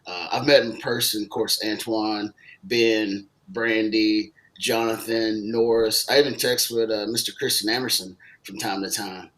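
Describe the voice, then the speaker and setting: A man from Southeast Texas with a Texan accent, talking casually as a guest, easygoing and halting with lots of fillers. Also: on the low side, steady tone, a bit bright, rough recording. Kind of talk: casual conversation.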